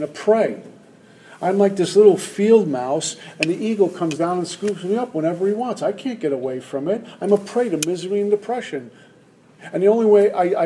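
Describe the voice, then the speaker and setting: A man's voice: high voice, warm tone, slight background noise, rough recording. A man speaking at a recovery meeting to a live audience, humorous and acting out the voices in his head. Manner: humorous, acts out inner voices. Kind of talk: personal talk to a live audience.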